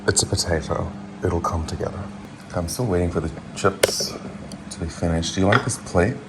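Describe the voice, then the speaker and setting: A man from New Zealand hosts a home cooking video, chatting loosely and drifting between asides and filler words. His voice sits very low. Clear background noise runs under the recording. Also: moderate pace. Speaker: home cook vlogger. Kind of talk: casual cooking chat.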